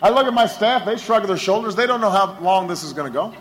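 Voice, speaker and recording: A man with an unusually high, ringing voice gives a campaign rally speech. He tells a story with many repeated phrases and stammered restarts, stacking lines into a rhetorical build. Faint ambient noise sits behind him. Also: expressive, fast talker, a bit bright, low-quality recording. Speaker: political candidate.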